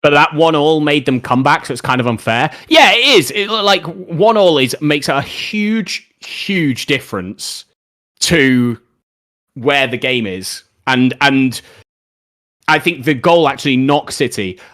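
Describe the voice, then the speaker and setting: A man's voice: fairly high pitch, animated, measured pace, a bit bright. A young man streaming live, chatting casually about football and answering viewer questions in a rambling, opinionated way.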